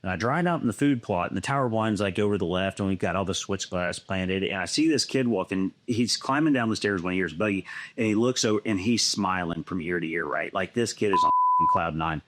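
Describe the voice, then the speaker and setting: In a low-pitched, brisk voice, this man casually spins a long hunting yarn. He swears a lot, stays animated, and performs the other people's lines himself.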